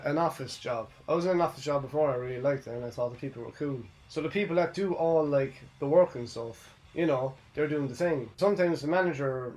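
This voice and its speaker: A young man hosts a loose, casual wrestling recap. His voice sits a little higher than most men's. He rambles from point to point and keeps tagging his sentences with "you know what I mean". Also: a little mellow. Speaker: host.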